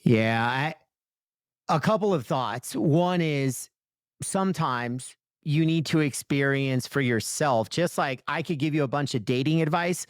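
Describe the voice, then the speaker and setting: A man talking as a podcast guest and author, telling energetic stories with lively voiced asides. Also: on the high side, unhurried, no room sound, studio quality. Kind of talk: conversational interview.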